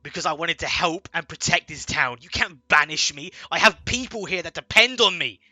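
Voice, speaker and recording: A man voicing a furious young male lieutenant who shouts and curses, in a tabletop game. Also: mid-range voice, very slow, dry recording, exaggerated voice. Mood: enraged. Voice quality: shouting, strained.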